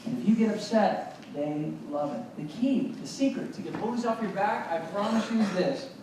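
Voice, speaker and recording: A motivational speaker in a school assembly, talking energetically and prompting the children to repeat words back to him. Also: male voice, high-pitched, moderate pace, distant mic. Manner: energetic, call-and-response with children. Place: school gym or hall. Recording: echoey hall recorded from afar, noisy. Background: children in audience.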